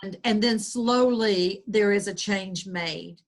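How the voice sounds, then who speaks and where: Brief: Southern US woman, author guest, earnest, rambling, mid-pitched voice. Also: slow. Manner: earnest, rambling with many restarts. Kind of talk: conversational interview.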